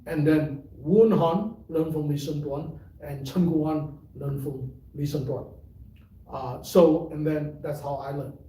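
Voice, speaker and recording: A male tai chi teacher giving an unhurried, explanatory live-stream talk with frequent fillers. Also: a little high, fairly even intonation, mellow, slight background noise. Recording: roomy sound, mic at a distance.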